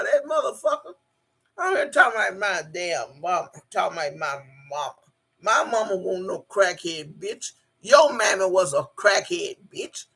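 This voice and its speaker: Husky woman ranting on a live stream. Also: lowish voice. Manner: cursing, taunting, loud outbursts. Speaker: live-stream host reading chat. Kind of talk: profane live-stream rant.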